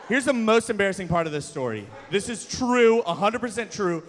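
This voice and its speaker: A young man doing stand-up comedy at a live event, telling self-deprecating stories with sudden shouts. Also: high-pitched, sing-song, normal speed. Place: large hall, live event. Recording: long hall reverb from a live venue.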